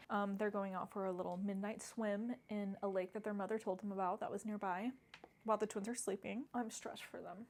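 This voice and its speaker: A woman's voice: medium pitch, steady tone, brisk, a little mellow. Chatty woman recapping a book. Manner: chatty, exclamatory, many "like" fillers. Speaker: book vlogger. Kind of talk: casual book recap vlog.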